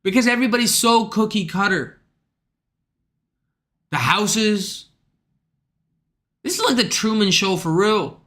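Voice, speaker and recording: A man's voice: high voice, takes it slowly, long pauses, pushed and bright. A young man streaming, ranting in a casual, profane, slangy way to his chat. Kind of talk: livestream rant.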